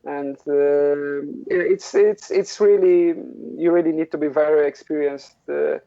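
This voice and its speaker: A man with a Polish accent, a drift driver guest on a podcast, speaking haltingly with frequent restarts. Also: on the high side, fairly even intonation, gravelly, mellow, highs cut off. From Poland. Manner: halting, with many restarts and fillers. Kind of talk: casual podcast interview.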